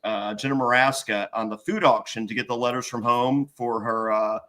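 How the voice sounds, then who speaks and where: A man's voice: medium pitch, fairly even intonation, normal speed, bright, forceful tone. A man telling stories in casual chat, acting out quotes with big jumps in his voice, swearing and laughing often. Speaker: podcast host and former reality contestant.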